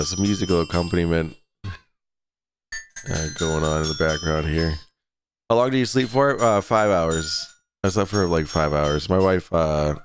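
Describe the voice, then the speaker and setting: A man's voice: deep voice, slight background noise. A tired man hosting a casual livestream from his home, rambling and swearing freely. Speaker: streamer host.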